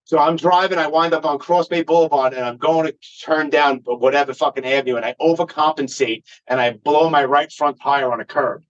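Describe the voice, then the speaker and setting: A man's voice: on the high side, steady tone, brisk, hardly any pauses. A man, a podcast guest swearing freely as he tells a rambling story in casual conversation. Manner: profane, rambling anecdote-telling. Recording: dull lo-fi recording.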